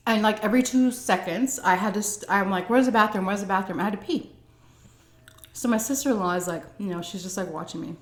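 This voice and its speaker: A woman's voice: medium pitch, a little fast. A woman vlogger telling a personal story in a casual, chatty way, with many "like" and "um" fillers. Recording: echoey room.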